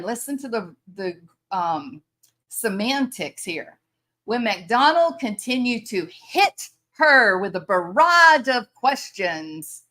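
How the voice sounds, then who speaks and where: A woman's voice: a little high, pushed and bright. A woman commentator reacting to a news story, incredulous and sarcastic, often laughing in disbelief.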